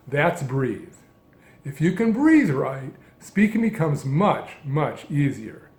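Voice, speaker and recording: A man giving a calm, measured lesson as a speech coach, speaking in deliberate phrases. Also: on the high side, echoey room. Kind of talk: instructional narration.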